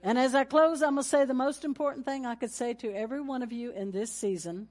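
A woman's voice: high voice, fast, a little mellow. A woman pastor, preaching a folksy sermon with announcements and laughter, ending in a fervent prayer.

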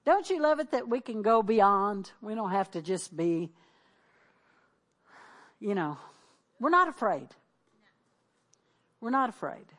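A woman's voice: medium pitch, sing-song, takes it slowly, long pauses, a bit bright. A middle-aged woman pastor preaching, exhorting the congregation with call-and-response and repeated declarations. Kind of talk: sermon.

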